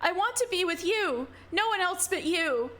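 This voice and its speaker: A woman's voice: lively intonation, moderate pace, fairly bright tone. A woman doing a frantic pleading young woman. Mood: desperate. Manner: shrill, breathless, begging.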